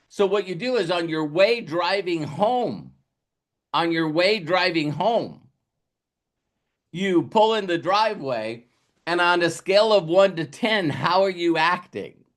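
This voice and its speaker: Animated male business coach with a fairly high voice, rambling storyteller who restarts his sentences. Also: measured pace. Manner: animated storytelling, acting out quotes; repeats words and restarts often. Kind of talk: motivational talk.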